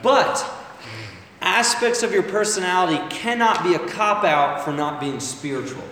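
Preacher, male, slightly high voice, chatty sermon full of "right?", long echo. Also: moderate pace. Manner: conversational, asks the crowd "right?" often. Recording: echoey hall, voice from far off. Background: congregation calling back.

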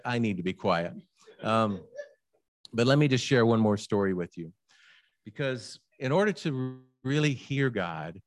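An older man preaching a sermon in an unhurried, conversational way. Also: medium pitch. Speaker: pastor.

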